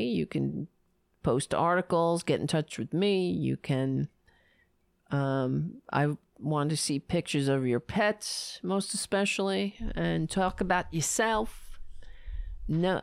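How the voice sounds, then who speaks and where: A woman host closes out her show in a slow, rambling, self-deprecating way, stopping and restarting often. Her voice is hoarse and gravelly, worn low from shouting. The sound is dry and close, with no room around it. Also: dry recording. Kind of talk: casual live-show sign-off.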